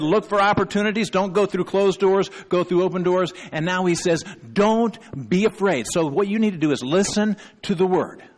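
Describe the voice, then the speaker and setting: A middle-aged man preaching a sermon as pastor, emphatic and often checking in with the congregation. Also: high voice. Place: church sanctuary. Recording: long reverb in a church hall.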